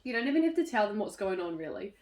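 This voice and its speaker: A woman's voice: mid-range voice, very animated, fast talker, darkish tone, echoey room. A woman hosting a community chat series, talking openly about her own life in a candid, reflective way, often laughing and restarting her thoughts. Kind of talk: personal reflective talk to camera.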